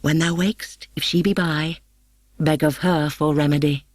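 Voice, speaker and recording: A commanding male fairy king speaks in slow, deliberate measures, voiced by a woman reading a storybook. The voice sits low for a woman, dark and grave, and sounds dry and close with no room around it. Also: fairly even intonation, no room sound. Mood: hushed.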